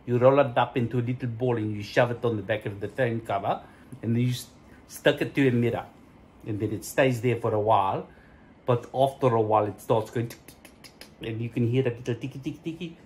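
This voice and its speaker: Here the man's voice is medium in pitch and a little mellow, captured in a rough recording with slight hiss or hum. He's at home in front of a mirror, his phone camera stuck to it, delivering a rambling, profane rant packed with tangents and mock-offensive humor.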